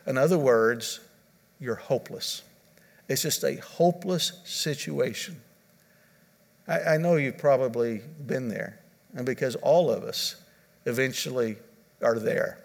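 Earnest preacher in a reverberant hall. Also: male voice, medium pitch, unhurried, vocal fry, pauses often. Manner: earnest preaching with repetition and restarts. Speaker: pastor. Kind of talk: sermon.

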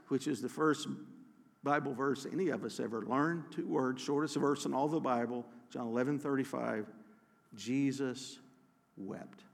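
Earnest gravelly male pastor preaching. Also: mid-range voice, big-room sound. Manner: earnest, with many restarts and soft slowed emphasis. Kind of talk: sermon.

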